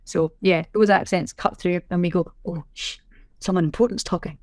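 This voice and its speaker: A middle-aged Scottish woman, a sign language interpreter, chatting in a podcast interview with a lively, self-deprecating way of telling things. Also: fairly low pitch, a little fast, no echo, clean studio sound. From Scotland. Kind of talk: casual interview chat.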